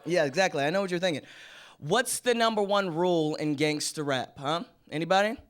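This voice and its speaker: A young male comic works a live studio stage, and his voice is fairly high and smooth. He keeps a chatty, casual flow and drops into slangy impressions of his friends. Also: fairly quick, fairly bright tone. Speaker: stand-up comedian. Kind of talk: stand-up comedy set.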